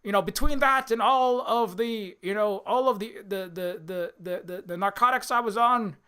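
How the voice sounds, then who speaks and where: A man doing a mocking impression of a drowsy, befuddled older male pundit who talks slowly and rambles. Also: sits high, bright, forceful tone, clean tone. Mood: dazed. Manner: slow, dazed, rambling mockery.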